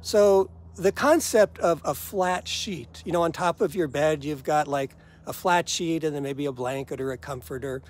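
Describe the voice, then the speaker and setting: An older American man vlogs to camera in a casual way about everyday gripes, sounding wry and easygoing and often laughing at himself. His voice is a little high, his pace moderate, with hardly any pauses.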